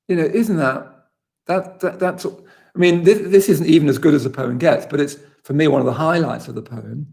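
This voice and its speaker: A man leading a poetry session, musing aloud with earnest enthusiasm, restarting his sentences and slowing down to linger over the lines he reads aloud. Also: on the high side, gravelly, a little mellow. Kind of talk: reflective talk with read-aloud poetry passages.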